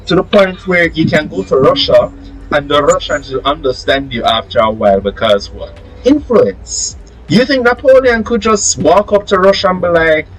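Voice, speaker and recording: A man's voice: on the high side, a bit bright, rough recording. A man in a casual podcast discussion, arguing his point with rhetorical questions. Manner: argumentative, building a case with rhetorical questions. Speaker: podcast host.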